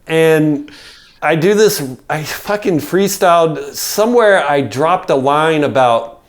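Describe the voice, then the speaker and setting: A man's voice: on the high side, measured pace. A middle-aged man, a podcast guest, telling a casual story in a rambling way, full of "like" and swearing.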